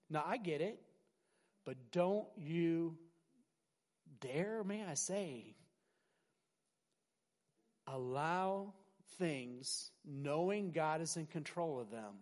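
A middle-aged man preaching a sermon as pastor, animated, swinging from loud emphasis to quiet asides and often restarting his words. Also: on the high side. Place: large hall with a congregation. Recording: long hall reverb.

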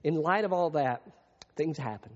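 A man preaching a sermon as pastor, moving between hushed, reflective passages and raised, emphatic preaching. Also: on the high side, animated, normal speed. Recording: muffled long-reverb hall sound.

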